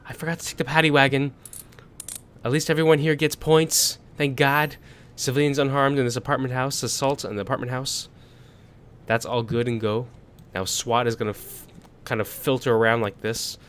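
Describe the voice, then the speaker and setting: A man's voice: medium pitch, steady tone, moderate pace, fairly bright tone, smooth. A young man doing let's-play commentary on a desk condenser mic, reading case text aloud with stumbles and swearing. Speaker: gaming youtuber. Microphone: desk condenser microphone.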